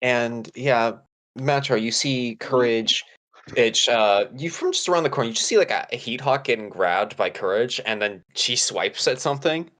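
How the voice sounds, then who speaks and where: A man narrating as game master in a relaxed, hesitant way, with many filler words. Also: mid-range voice, moderate pace.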